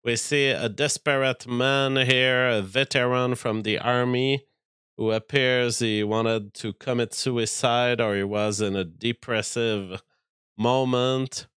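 Guy streaming and reacting to clips, blunt opinionated talk, smooth clean voice, dry close sound. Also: medium pitch, fairly even intonation, slow, a bit bright, no echo. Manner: talks over clips, reads viewer comments aloud, frank and argumentative. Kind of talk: opinionated commentary.

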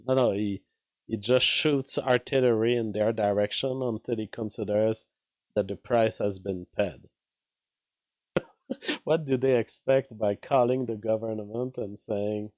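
Guy hosting a news chat show, wry, laughs a lot, talks slow, dry mic. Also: mid-range voice, a little mellow, dry recording. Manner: wry, laughs at his own points. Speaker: host. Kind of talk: casual news commentary.

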